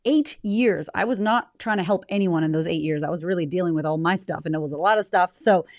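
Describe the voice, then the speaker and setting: Woman guest, 30s, lowish voice, dry close sound, frank and reflective. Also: no echo. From United States. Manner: frank, reflective, fast bursts with casual swearing. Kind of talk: candid conversational interview.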